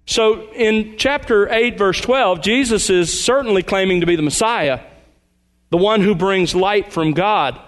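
A man's voice: sits high, measured pace, a bit bright. A man pastor preaching a sermon, reading scripture aloud with earnest emphasis.

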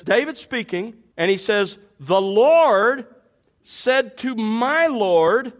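A man preaching a sermon, walking listeners through passages and speaking to the congregation directly. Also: high-pitched. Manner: animated expository preaching, addressing the congregation directly.

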